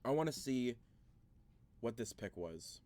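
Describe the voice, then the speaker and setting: A man's voice: medium pitch, expressive, unhurried, dark tone, no echo. A man hosting a casual sports video, thinking aloud through a mock draft, rambling and easily frustrated, with many restarts.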